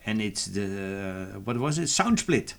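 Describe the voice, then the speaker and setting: A man co-hosting a podcast, chatting casually and haltingly with many fillers. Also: lowish voice, lively intonation, vocal fry, crowd noise. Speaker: podcast co-host. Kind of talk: casual chat.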